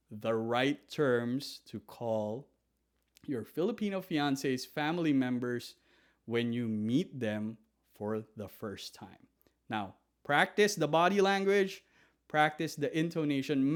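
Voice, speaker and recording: A man teaching a language lesson in an animated way, demonstrating polite phrases softly and often. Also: mid-range voice, takes it slowly. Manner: animated, demonstrating phrases with soft deferential repetition.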